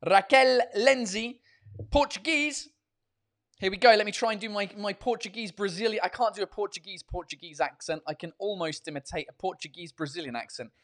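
Male host, casual chat, switches English and French, swears a lot, animated, many fillers. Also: high-pitched, a little fast. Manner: animated, full of fillers and restarts.

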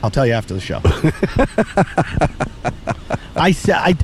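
A man hosting a podcast, telling crude stories in animated, profane casual banter into a studio microphone. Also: on the high side, takes it slowly, slight background noise. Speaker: podcast host.

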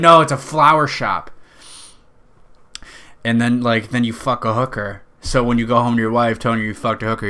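A man's voice: mid-range voice, bright, forceful tone. A young man hosting a podcast, rambling through a profane, self-mocking comedic monologue. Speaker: podcast host.

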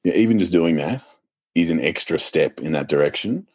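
A man's voice: sits low, animated, brisk, darkish tone. A man with a Sydney private-school Australian accent, talking casually on a podcast about marketing, articulate, often correcting himself and laughing easily. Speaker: podcast guest, lawyer.

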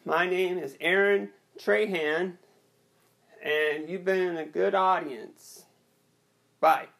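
Young male comic, slightly high voice, slow halting deadpan set. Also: gravelly. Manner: hesitant, rambling, deadpan delivery with many restarts. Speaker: stand-up comedian. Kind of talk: awkward self-deprecating stand-up set.

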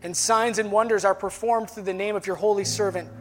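A man preaching a sermon in a high-pitched voice. He builds to emphatic passages, and his words ring out with a long reverb in a church hall. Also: steady tone, brisk, soft background music. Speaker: pastor.

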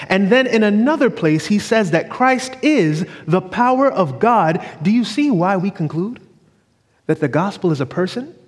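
A man preaching a sermon from the pulpit, drawing out phrases for emphasis and calling for responses from the congregation. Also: high voice. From New York. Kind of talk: sermon with storytelling. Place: church sanctuary. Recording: long reverb of a church hall.

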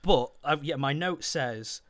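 A man's voice: a little high, a little slow, dry recording. A man chatting casually about films as a podcast co-host, laughing often while looking things up. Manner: laughs often, looks things up mid-chat. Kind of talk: casual film chat.

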